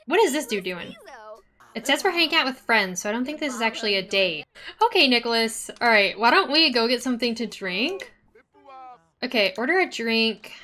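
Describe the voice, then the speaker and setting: A woman's voice: a little high, pushed and bright. A woman giving casual, chatty commentary while she plays a life-sim game, reacting aloud to what happens on screen.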